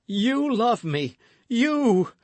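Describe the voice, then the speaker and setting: A man's voice: medium pitch, very animated, a little slow, dry recording, voice pushed up. A man reading an audiobook voices a passionate, rash young swordsman who speaks in impassioned exclamations.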